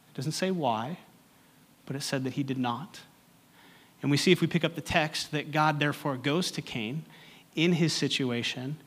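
A male pastor delivering a sermon in a rhythmic, repetitive preaching cadence that builds from quiet reflection to impassioned exhortation. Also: a little high.

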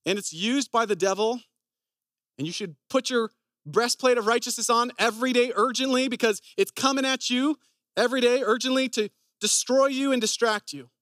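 High-voiced earnest male preacher. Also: moderate pace, fairly bright tone, dry recording, studio quality. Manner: earnest, conversational storytelling. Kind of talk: sermon.

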